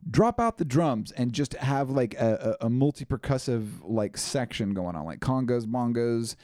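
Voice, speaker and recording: Guy rambling on a music podcast, warm mellow voice, dry close sound, lots of likes. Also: mid-range voice, lively intonation, moderate pace, dry recording. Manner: rambling, heavy on "like" and "you know", swears casually. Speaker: podcast co-host. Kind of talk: casual chat.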